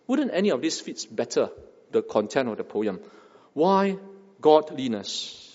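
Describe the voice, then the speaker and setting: A man's voice: mid-range voice, big pitch swings, measured pace, a little mellow, big-room sound, highs cut off. A man preaching a sermon, asking rhetorical questions and repeating phrases for emphasis. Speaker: pastor.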